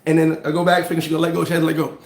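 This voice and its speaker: A man hosting a casual motivational livestream, telling animated stories in street slang and answering viewer comments. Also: fairly high pitch, rapid-fire, vocal fry, roomy sound. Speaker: livestream host giving motivational talk. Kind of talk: casual motivational live chat.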